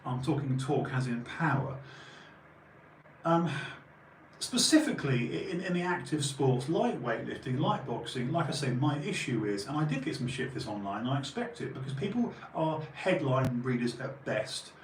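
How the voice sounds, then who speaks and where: Forties male host, emphatic and rambling, middle-pitched, recorded off-mic in an echoey room. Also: big pitch swings, moderate pace, distant mic. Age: 40s. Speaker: channel host. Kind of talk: casual opinion monologue. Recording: roomy echo, voice off-mic, faint background hum.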